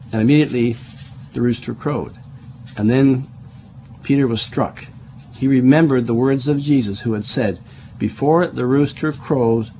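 A middle-aged man delivering a Bible study sermon at an average pitch for a man. He explains each verse patiently, spelling out key words and often stumbling into restarts. A faint background hiss sits under his voice. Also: a little mellow. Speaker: preacher.

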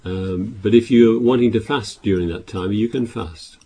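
A man preaching a sermon, reading scripture aloud louder and explaining it with halting restarts and repeated words. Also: on the low side, slightly rough.

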